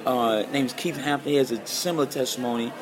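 A man guitarist telling an emotional personal story as a guest, animated and repeating phrases for emphasis. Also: mid-range voice, fairly quick, a crowd in the background.

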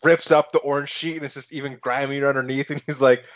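Man thinking aloud in halting chat. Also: mid-range voice, level tone, fairly bright tone. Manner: halting, many restarts and fillers while thinking aloud. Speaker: podcast co-host. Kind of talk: casual movie chat.

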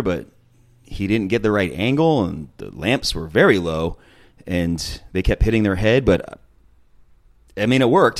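Man, casual recap chat, lowish pitch, lively swings, opinionated, rambling. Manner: chatty, animated, opinionated, trails off with ums. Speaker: podcast host recapping a reality show.

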